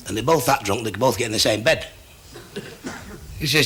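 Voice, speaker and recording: A man telling stand-up jokes in a brisk one-liner style, switching into each character as he goes. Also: medium pitch, animated, bright, forceful tone, slight background noise. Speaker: stand-up comedian.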